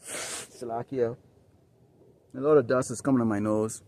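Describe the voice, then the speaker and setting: A man's voice: medium pitch, steady tone, measured pace, darkish tone. A man preaching an outdoor sermon, emphatic and repetitive, often checking in with the listeners with short questions. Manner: emphatic, repetitive, peppered with "Huh?" and "All right?". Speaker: street preacher. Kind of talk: outdoor sermon with scripture reading. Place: outdoors, dusty and slightly windy.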